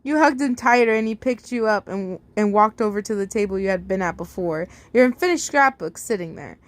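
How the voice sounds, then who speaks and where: A woman's voice: mid-range voice, fairly quick, hardly any pauses. A young woman casually reading fan fiction aloud, breaking off for giggly, rambling, chatty asides.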